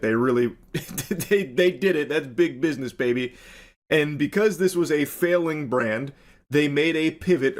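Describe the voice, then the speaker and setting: A man in a played video clip, commenting casually and sarcastically, with some swearing. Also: mid-range voice.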